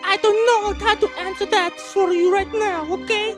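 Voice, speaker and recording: A man voicing a whiny, poor little boy who pleads with his mobster father in a squeaky falsetto. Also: steady tone, moderate pace, over music.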